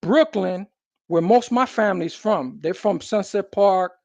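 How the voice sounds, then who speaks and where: A man's voice: high-pitched, unhurried, gravelly, a little mellow, no echo, highs cut off. A man, talking casually and emphatically in street slang as a guest. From New York City. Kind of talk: casual conversation.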